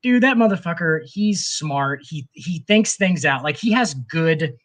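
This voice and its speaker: A man's voice: fairly high pitch, animated, measured pace, fairly bright tone. A man co-hosting a sports podcast, telling stories in a rambling, profane, casual way. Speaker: podcast co-host.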